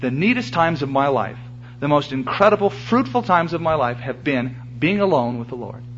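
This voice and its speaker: A man's voice: on the high side, lively intonation, normal speed, fairly bright tone. Earnest man preaching, lo-fi recording. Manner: earnest, emphatic preaching with repeated phrases. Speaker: pastor. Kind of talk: sermon. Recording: dull lo-fi sermon recording with faint hum.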